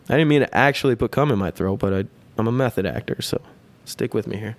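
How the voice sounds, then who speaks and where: Male podcast host in his thirties, slightly low voice, crude and self-mocking, casual solo rambling. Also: quick pace.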